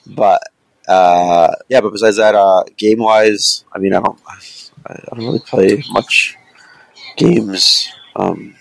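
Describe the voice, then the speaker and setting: A man with a very low, gravelly voice, talking loosely and rambling through a casual podcast chat. He leans on fillers and drifting asides. The sound is close and dry. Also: no room sound, rough recording. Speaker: podcast co-host.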